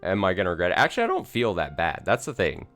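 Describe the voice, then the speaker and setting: Man, very low voice, slightly hoarse, let's play streamer, casual rambling chat, self-deprecating, lots of fillers. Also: huge pitch swings, quick pace, fairly bright tone, faint music behind. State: slightly hoarse from screaming the night before. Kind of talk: casual stream chat before reading a visual novel.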